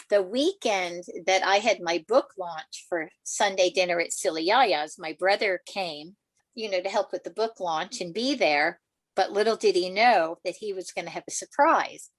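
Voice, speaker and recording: An older woman, a children's author, telling stories in an interview, animated and laughing, acting out quotes in a higher voice. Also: no echo. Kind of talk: storytelling in a podcast interview.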